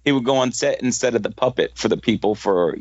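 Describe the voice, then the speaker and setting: A man co-hosting a podcast, relaxed in casual chat, sharing facts he read. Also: medium pitch, fast talker, husky, dry recording, lo-fi sound.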